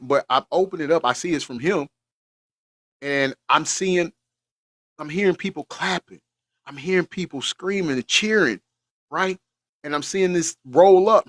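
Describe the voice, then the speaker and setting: A man's voice: mid-range voice, a bit bright, dry recording. A middle-aged man, hosting a casual livestream, earnest and emotional, repeating phrases for emphasis and choking up at times. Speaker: livestream host.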